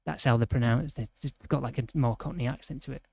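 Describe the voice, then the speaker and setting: A man with a Yorkshire accent streaming a game, rambling and indignant in casual banter, full of quick restarts. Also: medium pitch, fairly even intonation, creaky, a little mellow, breathy edge, no room sound, studio quality. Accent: Yorkshire English. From Yorkshire, England. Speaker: livestreamer. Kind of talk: casual gaming stream chat.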